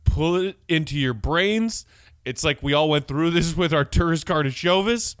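Excitable man on a sports podcast. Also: on the high side, normal speed, dry recording. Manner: casual and chatty, excitable, reads listener texts aloud. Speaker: podcast host. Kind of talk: solo sports podcast chat.

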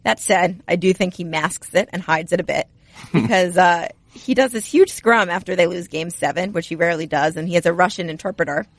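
A woman co-hosting a hockey podcast, chatting casually and telling stories with lively energy. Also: lowish voice, brisk, no echo. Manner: chatty, animated storyteller. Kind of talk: casual sports chat.

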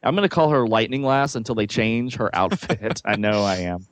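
A man's voice: lowish voice, animated, moderate pace, no room sound. A man casually reading comic-book dialogue aloud, adding joking asides and laughing often.

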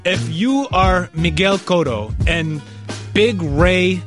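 A man co-hosting a podcast, chatting in a relaxed, easygoing way. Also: high-pitched, slow, faint music behind. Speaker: podcast co-host. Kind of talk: casual interview chat.

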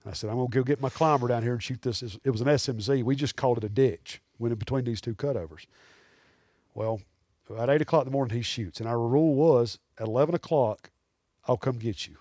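A man, telling animated, rambling hunting stories as a podcast guest. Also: medium pitch, fast, no echo, clean studio sound. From Alabama. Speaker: guest taxidermist. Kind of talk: casual storytelling in a podcast interview.

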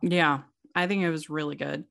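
A woman hosting a casual film discussion, chatty and quick to laugh. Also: low voice, fairly even intonation, creaky, a bit bright. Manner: chatty, laughs often, many restarts. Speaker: podcast host.

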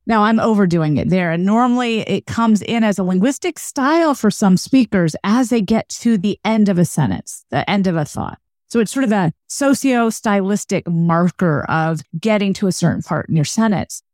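A woman linguist explains research in an even, mid-range voice. She speaks in an academic, explanatory way, recorded close and dry. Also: mid-range voice, no echo. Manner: explanatory, academic, demonstrates voice qualities. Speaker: linguist and author, guest. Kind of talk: podcast interview.

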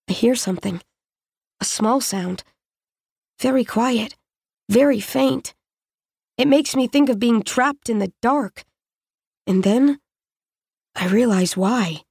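Woman reading a creepy story in first person, fairly high voice, super dry close mic. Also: no room sound. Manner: measured, tense, intimate telling. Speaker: narrator.

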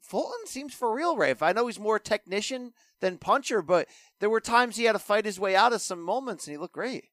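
A man hosting a casual boxing talk show, brisk and jokey, handing off to his co-host by name. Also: high voice, expressive, fairly bright tone, no room sound.

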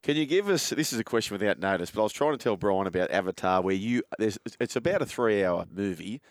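A man's voice: lowish voice, lively intonation, fast, dry recording, clean studio sound. A male radio host, chatting casually and telling anecdotes full of football talk.

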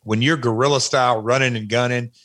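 A man's voice: mid-range voice, steady tone, quick pace, a bit bright, no room sound. Tennessee-twanged man rambling on a podcast. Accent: Southern US, Tennessee. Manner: rambling, self-mocking, frequent restarts. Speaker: guest. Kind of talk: casual podcast chat.

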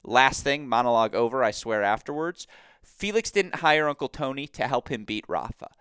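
A man hosting a podcast in a casual sports-analysis chat, talking in an animated, emphatic way and laughing easily. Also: medium pitch, normal speed, clear, resonant tone, dry recording, clean studio sound. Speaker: podcast host.

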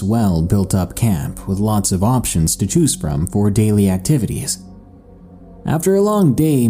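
A man narrating a listener's horror story in a measured, suspenseful first-person read for a podcast. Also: fairly low pitch, dark tone. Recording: faint music bed under voice.

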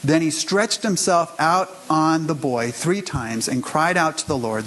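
A man with a voice on the high side gives a sermon. He tells stories in a conversational way and speaks straight to the people listening, over a faint hiss. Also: unhurried, few pauses, fairly bright tone, rough recording. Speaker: pastor.

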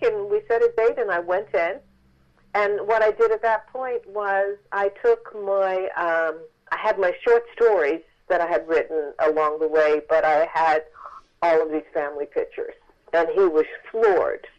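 Woman author, phone interview, animated storytelling, quoted voices acted out, muffled line. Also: medium pitch, measured pace.

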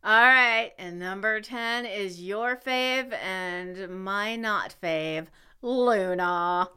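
A woman's voice: mid-range voice, drawn-out words, pushed and bright, clean tone. A middle-aged woman co-hosting a podcast in casual chat, playful and teasing, laughing often. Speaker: podcast co-host.

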